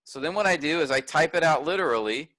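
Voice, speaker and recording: A man's voice: a little high, expressive, fast talker, a bit bright, no room sound, poor audio. A man teaching a graduate workshop in a conversational way, thinking aloud with restarts and fillers.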